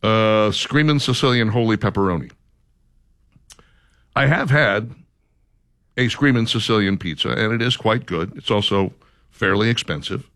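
A man's voice: on the low side, moderate pace, pauses often, fairly bright tone, dry recording. A man hosting a casual radio chat, reading a list aloud with dry, sarcastic commentary. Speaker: radio show host.

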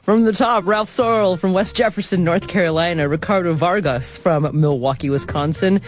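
A woman hosting a radio talk show, introducing the topic and the guest in an articulate, expressive way from a studio microphone. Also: fairly low pitch, moderate pace. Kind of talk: scripted radio introduction and interview.

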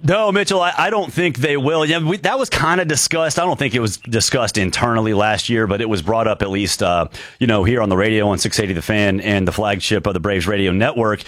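A man hosting a sports radio call-in show from a studio, talking in a quick, energetic, conversational way and sounding a little out of breath. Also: on the low side, dry recording. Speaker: radio sports talk host.

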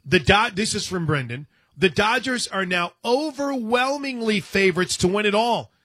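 A man's voice: high-pitched, expressive, moderate pace, sharp tone, dry recording. A man hosting a sports radio show, talking casually and reading listener messages from a studio microphone. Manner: rambling, reads listener messages.

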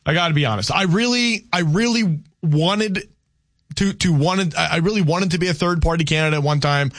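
Man with a bright, high-ish voice. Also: no echo, clean studio sound. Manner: halting, repeats words while explaining. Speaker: co-host. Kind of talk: casual political chat.

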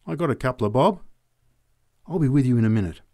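A shabby, wheedling drunk man, eager and impatient, as a narrator puts him on. The delivery is low and coaxing, with a lively rise and fall. It is an audiobook reading. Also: fast, close to an everyday voice.

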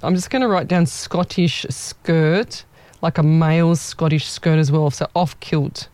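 A male psychic medium chats his way through a live reading, rambling and poking fun at himself. His voice sits a little high, recorded dry and close with no room sound. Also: steady tone, measured pace, dry recording. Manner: chatty, rambling, self-mocking with frequent laughs; warm familiar address.

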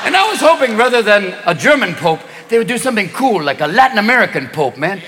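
A man performs stand-up with a very high, wildly animated voice and bursts into quick character voices. He was recorded on stage in a big reverberant hall. A crowd laughs and cheers loudly behind him. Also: a little hiss or hum. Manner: manic, slips into many rapid character voices. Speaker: stand-up comedian. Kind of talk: stand-up comedy routine. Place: stage in a large venue. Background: audience laughing and cheering.

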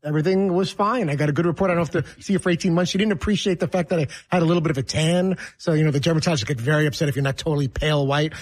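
A man's voice: on the high side, racing, hardly any pauses. A man co-hosting a casual sports talk show, teasing and chatty. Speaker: co-host.

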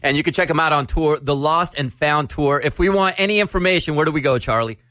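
A man's voice: a little high, fast talker, pushed and bright. A man hosting a radio morning show, chatting with a guest in an enthusiastic, joking way. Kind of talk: casual radio chat.

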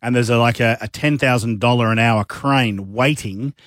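A deep-voiced Australian man spins a story as a radio co-host, slipping into gruff tradie voices. His sound is dry and close on a studio mic, at a middling pitch for a man. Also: normal speed, a bit bright, dry recording. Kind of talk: casual radio banter.

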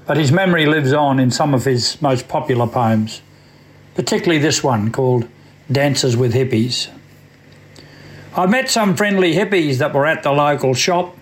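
An Australian man reciting a comic bush poem on the radio like a wry yarn-spinner. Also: on the high side. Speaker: radio poet.

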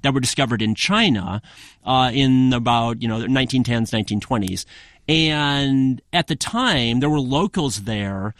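A man guesting on a radio interview talks through his ideas in a thoughtful, measured way, often softening his points with small hedges. His voice sits at an everyday middle pitch. The studio sound is close and dry, with no room around it. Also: expressive, no echo. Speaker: author guest.

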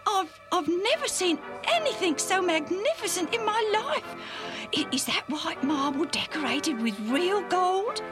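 A woman voicing an excited young male pilgrim who gasps in breathless wonder, over background music. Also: very high voice, measured pace, voice pushed up, heavily acted. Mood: awestruck. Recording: music playing underneath.

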